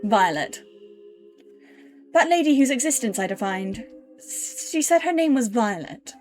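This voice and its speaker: A woman's voice: a little high, big pitch swings, unhurried, soft background music. A woman streaming a game live, reading its text aloud and chatting to her viewers between lines. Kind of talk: live game playthrough commentary.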